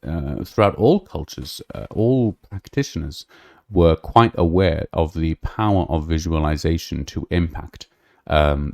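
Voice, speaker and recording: This podcast host's voice is low-pitched and darkish, with vocal fry. He chats casually, livestream-style, rambling with lots of fillers and restarts, recorded in clean studio sound with no room sound.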